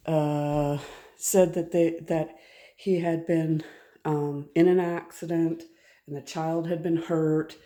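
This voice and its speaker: A woman's voice: low voice, warm tone. A middle-aged woman chatting casually in a home vlog, rambling and interrupting herself as she walks around her house and garden. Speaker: vlogger. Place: house and garden, moving between indoors and outdoors.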